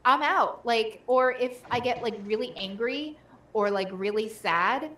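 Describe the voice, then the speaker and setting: A woman's voice: on the high side, a little slow, a bit bright, echoey room. A woman in casual chat who rambles with many fillers.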